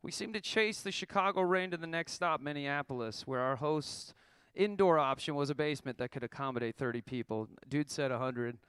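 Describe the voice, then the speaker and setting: A man's voice: a little high, a little fast, fairly bright tone, clean tone, no room sound. A man in his thirties telling a wry, profane story about his band's tour, reading a prepared account to an audience. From Oklahoma.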